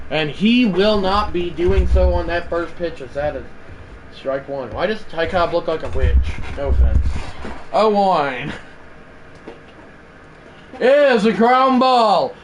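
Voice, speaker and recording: A man giving casual play-by-play commentary on a baseball video game livestream, chatty and prone to correcting himself mid-sentence. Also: sits high. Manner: chatty, self-correcting, with side remarks.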